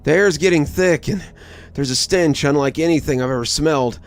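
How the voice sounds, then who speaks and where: A man's voice: a little high, fairly quick, pitched above the performer's own voice, lightly acted. A man voicing a frightened young male army private giving nervous, urgent radio reports. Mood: scared.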